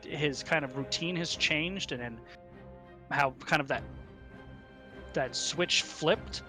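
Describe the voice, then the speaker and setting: A man's voice: a little high, slow, sharp tone, faint music behind. A man narrating a tabletop game as game master, in a hesitant way full of fillers and restarts.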